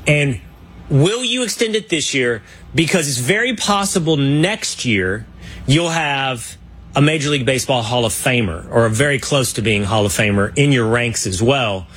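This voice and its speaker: A man hosting a political interview, telling stories in an animated, opinionated way. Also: mid-range voice, normal speed, slightly rough. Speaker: show host.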